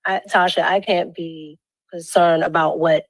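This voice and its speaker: Defensive woman guest, low voice. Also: fairly even intonation, no room sound, poor audio. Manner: defensive, halting replies. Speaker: interview guest. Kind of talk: interview.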